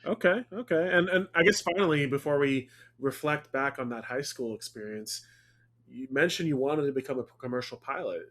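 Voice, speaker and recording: A man's voice: medium pitch, brisk, a bit bright, no echo. Chatty upbeat male podcast host. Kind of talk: casual interview chat.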